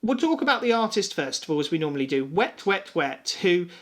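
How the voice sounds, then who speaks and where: A man's voice: high voice, big pitch swings, a little fast, a bit bright. A man co-hosting a music podcast, talking in a loose, rambling and sweary way after a few drinks. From England. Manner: rambling, sweary, a little tipsy. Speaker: podcast co-host. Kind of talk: casual chat.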